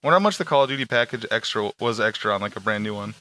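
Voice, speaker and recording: A man's voice: on the low side, rapid-fire, pushed and bright. A man on a casual talk podcast, telling crude prank stories and acting out angry callers. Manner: crude storytelling, acts out callers in raised voices. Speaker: podcast host. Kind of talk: casual chat.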